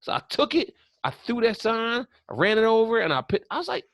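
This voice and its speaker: This podcast co-host has an extremely high, brisk voice with no echo on the recording. Chatting casually, he spins animated stories packed with swearing and acted-out quotes.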